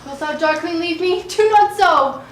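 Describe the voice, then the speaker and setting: A woman's voice: very high-pitched, normal speed. A woman playing a lovesick, scorned young woman, pleading in plaintive verse on stage. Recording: echoey stage recording.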